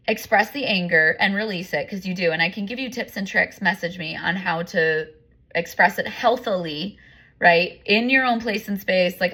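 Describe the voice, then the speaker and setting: A woman's voice: on the low side, sharp tone. A woman coach speaking in a candid, confessional monologue, long-winded and rambling as she works through her points. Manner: earnest, confessional. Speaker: empowerment coach.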